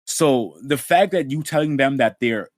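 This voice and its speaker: A man's voice: mid-range voice, moderate pace, no room sound. A man co-hosting a podcast, chatting casually and profanely about an anime, full of slang and "bro". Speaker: podcast co-host.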